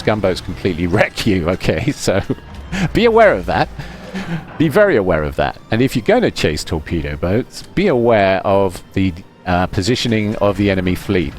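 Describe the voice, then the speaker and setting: A man's voice: sits low, a little hiss or hum. A man giving chatty, explanatory commentary over his own gameplay, with many fillers. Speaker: gaming YouTuber.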